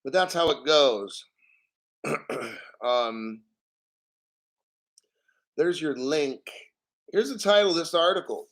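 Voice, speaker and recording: A man's voice: a little high, expressive, takes it slowly, pauses often, a bit bright. Profane ranting male crypto host. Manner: blunt, profane, ranting, frequent throat clearing. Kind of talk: ranting commentary reading articles.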